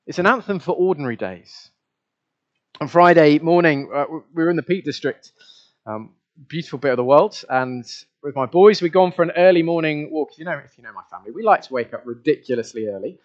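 A man preaching a sermon, talking to the congregation in a chatty way and often putting questions to them. His voice sits a little high for a man. The recording sounds dull and lo-fi. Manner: conversational, asks the congregation questions, repeats words.

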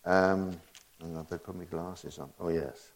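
Preacher with a chuckling, lively delivery. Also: male voice, low-pitched, normal speed. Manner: lively, chuckling asides, rhetorical questions. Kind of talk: sermon.

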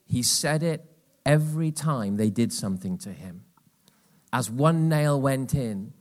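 Male preacher, mid-pitched, passionate, drops to near-whispers between bursts; live church sermon. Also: animated, unhurried. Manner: emphatic, swings from loud exhortation to hushed asides. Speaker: pastor.

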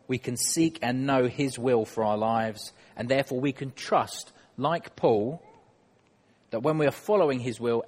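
A man's voice: mid-range voice, a little mellow, in a large hall. A man preaching a sermon in church, conversational and self-deprecating, putting questions to the congregation.

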